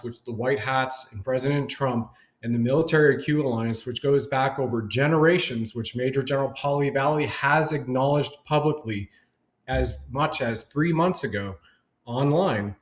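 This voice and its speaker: A man's voice: medium pitch, normal speed, echoey room, rough recording. A man speaking as a guest on a panel discussion, rambling and emphatic in long run-on sentences over a video call.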